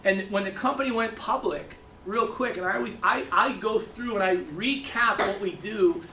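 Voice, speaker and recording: A man's voice: high-pitched, background noise. A middle-aged man giving a sales training talk to a group, telling stories in a rush, with many restarts. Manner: fast storytelling with lots of restarts. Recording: echoey room, mic from a distance.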